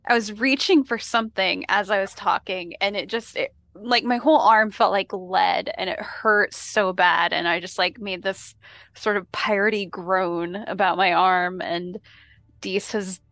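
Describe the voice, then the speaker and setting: A woman's voice: medium pitch, fairly even intonation, a little slow, gravelly, a bit bright, no room sound. A woman co-hosting a podcast in casual chat, easygoing and laughing often. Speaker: podcast co-host and editor.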